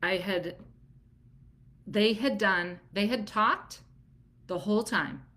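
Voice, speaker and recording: A woman doula and business coach who teaches to camera in a candid, animated way and laughs easily. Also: mid-range voice, slow.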